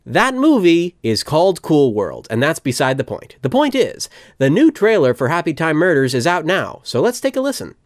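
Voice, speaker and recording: A man hosting a comedy podcast, talking in a wry, animated, jokey way. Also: a little high, moderate pace, few pauses, dry recording, studio quality. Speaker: podcast host. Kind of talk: comedic casual chat.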